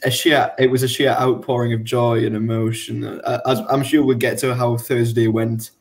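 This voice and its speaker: Young guy on a footy podcast call, stop-start talk, laughs a lot, middling pitch. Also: flat delivery. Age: young adult. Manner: halting, laughs easily, storytelling. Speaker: podcast guest, fan blogger. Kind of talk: casual football podcast chat.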